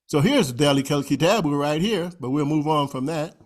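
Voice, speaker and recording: A man presenting a grammar lesson from a slideshow at a convention, slowly repeating recited phrases and stressing words emphatically. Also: fairly high pitch, expressive.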